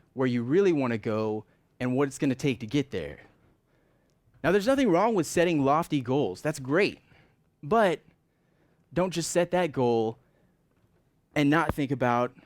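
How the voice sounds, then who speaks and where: A man's voice: medium pitch, animated, moderate pace, no echo. A man preaching a sermon in an earnest, conversational way, stressing points with rising emphasis.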